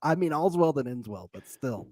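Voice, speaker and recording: A man co-hosts a relaxed recap podcast, cracking jokes and laughing often. His voice sits at a middle pitch and sounds dry and close, with no room around it. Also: normal speed, no echo. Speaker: podcast co-host. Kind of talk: casual recap chat.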